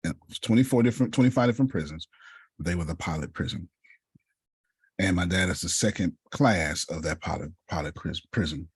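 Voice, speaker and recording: A man's voice: deep voice, a little fast, husky, dry recording, clean studio sound. A man giving a motivational talk to a group, telling stories and calling listeners by name. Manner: animated storytelling, calls listeners by name. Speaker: speaker coaching authors.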